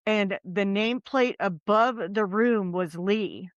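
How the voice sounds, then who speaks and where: A woman's voice: medium pitch, slow pace, dry recording, dull audio. A woman who investigates the paranormal, a podcast guest telling a story in a rambling, casual way with many ums and likes.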